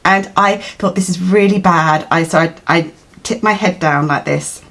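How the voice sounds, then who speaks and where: A middle-aged woman hosting a casual interview, chatty and quick to laugh as she tells a story. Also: fairly low pitch, a bit bright. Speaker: show host.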